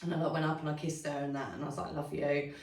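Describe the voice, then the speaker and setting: Speaking very fast in a flat delivery, a young woman co-hosting a podcast recounts a story through casual, candid chat loaded with swearing and fillers. Her low voice is a little mellow, and the faraway mic makes it sound roomy.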